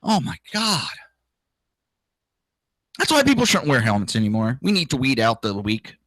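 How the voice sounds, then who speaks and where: A man's voice: medium pitch, huge pitch swings, quick pace, a bit bright, no echo, poor audio. Brash, profane ranting man. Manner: crude, profane, indignant; mocking voices of others. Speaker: political talk show host. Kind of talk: ranting solo commentary.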